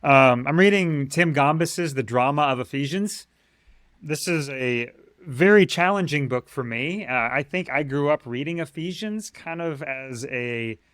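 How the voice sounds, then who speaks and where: A man's voice: a little high, a bit bright, dry recording. A man in his thirties, a Greek teacher, chatting casually and eagerly in an interview, with many fillers and bursts of speed. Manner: enthusiastic, talks fast in bursts with many fillers.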